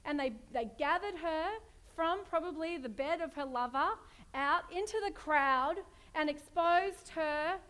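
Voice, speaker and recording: Woman preacher, high voice, chatty storyteller. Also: a little slow, fairly bright tone. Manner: chatty storytelling, laughs easily. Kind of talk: sermon.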